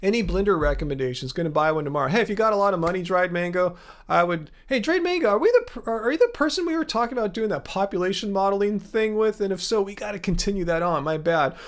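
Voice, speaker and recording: This livestream host from Los Angeles, USA, fields viewer questions in a relaxed, meandering style full of filler words. He talks fast, and his voice sits high with lively intonation.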